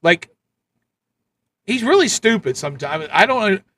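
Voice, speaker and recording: A man running a live stream with a high, bright voice. He rants blunt political commentary, repeating his points. The delivery is casual and hard-hitting. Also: big pitch swings, a little slow. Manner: ranting, repetitive, blunt. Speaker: livestream host.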